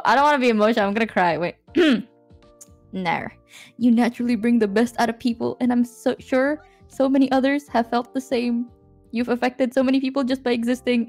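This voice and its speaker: A young woman from Southeast Asia talks over a stream call in a slightly high voice. She is playful and teasing, and also reads a heartfelt letter aloud. Faint music sits underneath her voice. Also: a little mellow. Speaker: guest streamer. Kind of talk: casual chat on a stream call.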